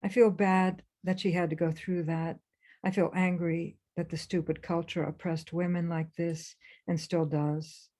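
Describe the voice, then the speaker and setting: Low, mellow-voiced woman reading memoir. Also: flat delivery. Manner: measured, intense first-person reading. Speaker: author reading her own work. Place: remote webinar.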